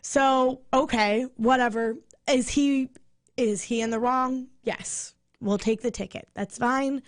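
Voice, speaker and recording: A woman radio co-host ranting and swearing in casual chat, fired up and talking fast. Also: a little high, fairly even intonation, dry recording, studio quality. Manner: angry venting, swearing, rapid rants.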